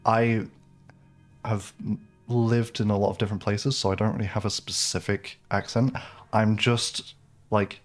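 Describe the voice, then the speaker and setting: Soft background music accompanies this English streamer, who speaks on the low side with a flat, measured delivery and long pauses. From England, he chats loosely with his live viewers while gaming, full of fillers and restarted sentences.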